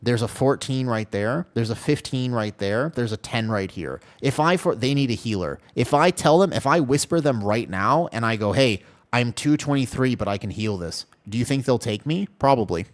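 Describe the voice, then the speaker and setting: A man's voice: mid-range voice, normal speed, hardly any pauses. A man streaming a game live, chatting casually and animatedly with his viewers, with keyboard typing behind him. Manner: chatty, animated, talks to chat by name. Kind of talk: casual live-stream chat while gaming.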